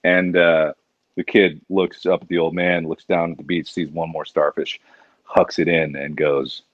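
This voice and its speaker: A man hosting a casual charity livestream, animated and jokey, sometimes jumping into high exaggerated outbursts. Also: moderate pace, dry recording, highs cut off. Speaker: livestream host.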